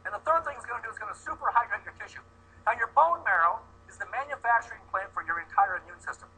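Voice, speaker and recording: A man giving an animated, joking sales presentation to a live audience, putting questions to them. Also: high voice, slightly rough, rough recording. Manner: animated and joking, acts out quick voices.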